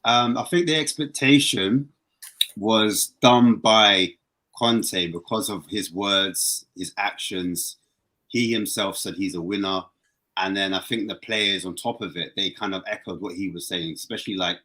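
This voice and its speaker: A man talking as a football fan guest on a casual podcast, animated and excitable, his voice jumping higher when worked up. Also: measured pace.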